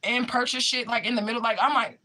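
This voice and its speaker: A woman's voice: on the high side, steady tone, quick pace, bright, forceful tone. A young woman chatting casually with her viewers, telling a story in an emphatic, profane way. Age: young adult. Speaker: spiritual medium streamer.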